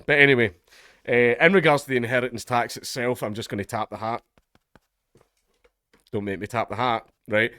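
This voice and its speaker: A man's voice: medium pitch, steady tone, moderate pace, pauses often, pushed and bright, clean tone, no room sound, studio quality. A Scottish man giving casual vlog commentary in a sardonic tone, laughing often as he talks. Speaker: political commentator.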